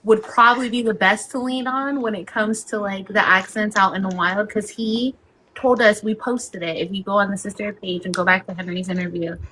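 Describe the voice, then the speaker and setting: A woman's voice: mid-range voice, fairly even intonation, normal speed, pushed and bright, slight background noise. A woman hosting a casual interview over a laptop video call, telling stories in a bubbly, giggly way. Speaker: host.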